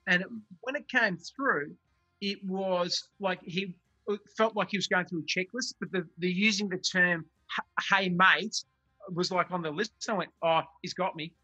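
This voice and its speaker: An Australian man chatting casually on a video call as a comedy co-host, telling quick anecdotes. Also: high voice, bright, forceful tone, breathy edge, no echo, faint music behind, poor audio.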